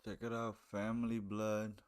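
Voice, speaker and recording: A man's voice: fairly low pitch, completely flat delivery, a little slow. A man hosting a live stream, chatting casually and commenting on a game, with a laid-back manner and a habit of repeating phrases.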